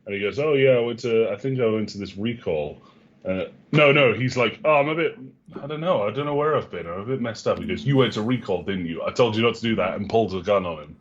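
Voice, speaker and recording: A man co-hosting a film podcast, chipping in with quick asides and acted quotes. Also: on the low side, expressive. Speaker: podcast co-host. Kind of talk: casual film chat. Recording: dull lo-fi mic.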